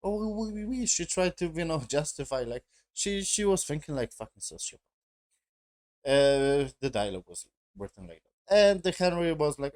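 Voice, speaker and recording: A man's voice: on the high side, expressive, moderate pace, darkish tone. A man giving a casual spoken review, rambling with heavy swearing and broken grammar. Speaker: show reviewer.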